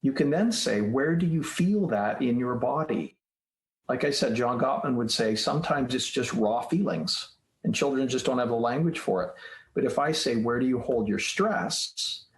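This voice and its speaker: A man's voice: medium pitch, lively intonation, normal speed. A man being interviewed on a podcast as a guest author, explaining ideas step by step like a teacher. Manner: explanatory, teacherly, walks through steps. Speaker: guest author, child psychologist. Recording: roomy echoey room sound.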